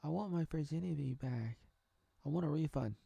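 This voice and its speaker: A man's voice: fairly high pitch, moderate pace, vocal fry, mellow, breathy edge, dry recording, voice pushed up, exaggerated voice. A man voicing a heartbroken young hobbit woman in a whiny, melodramatic way.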